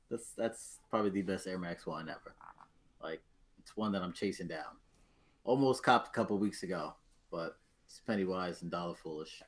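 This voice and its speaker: A man on a casual panel, animated and exclaiming. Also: low-pitched, normal speed, pauses often, husky.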